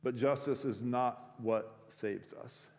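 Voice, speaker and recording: Male pastor, mid pitch, chatty storytelling sermon, recorded in a big echoing auditorium. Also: fairly even intonation, slow, vocal fry, darkish tone. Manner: conversational, frequent restarts. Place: school chapel or auditorium. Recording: long hall reverb.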